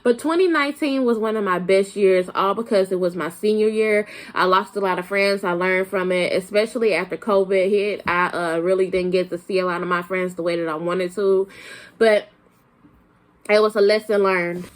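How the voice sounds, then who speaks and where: Her voice is medium in pitch with fairly even intonation and a moderate pace as the young vlogger chats casually to camera. Raised in Arkansas after being born in Flint, Michigan, she has a slight Southern country accent and rambles with many fillers and restarts.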